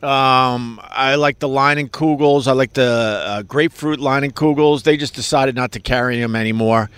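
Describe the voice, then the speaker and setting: A man's voice: medium pitch, fairly even intonation, normal speed, a bit bright, smooth, no echo. Rambling, profane male podcast host. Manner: rambling, profane, self-mocking. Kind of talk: rambling solo monologue.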